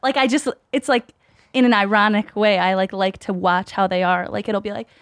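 A woman's voice: medium pitch, fairly even intonation, moderate pace. A young woman guest on a podcast, chatting casually and filling her speech with "like".

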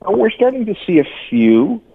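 A man commenting on the music industry in a radio interview, stammering and repeating words with an animated delivery. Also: high-pitched, a little fast, vocal fry, no room sound. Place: lives in Canada. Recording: tinny phone line.

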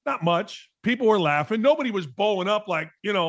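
A man's voice: high-pitched, animated, a little fast. A middle-aged man hosting a sports talk show, delivering a blunt, emphatic monologue with a mocking edge.

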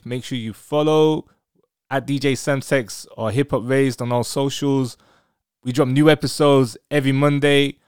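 A man's voice: mid-range voice, smooth, dry recording, studio quality. A man hosting a podcast, talking casually and enthusiastically with a guest. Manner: enthusiastic, effusive. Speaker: podcast host. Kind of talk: casual interview.

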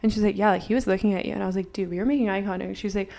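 Young woman, twenties, podcast co-host, casual storytelling, filler-heavy, mid pitch. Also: fairly even intonation, racing, vocal fry, warm tone. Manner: chatty, filler-heavy, acts out dialogue with swearing.

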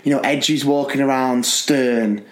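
A man co-hosting a podcast, telling school stories in an animated, laughing way. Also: medium pitch. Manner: animated, laughing, quick bursts. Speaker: podcast co-host, school teacher. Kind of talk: casual storytelling chat.

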